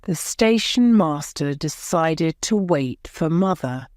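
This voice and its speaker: A woman narrates a graded-reader story for English learners. Her voice is fairly low and her reading is slow and very clear. The recording is close and dry, with no room sound. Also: animated, a little mellow, no echo. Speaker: audiobook narrator.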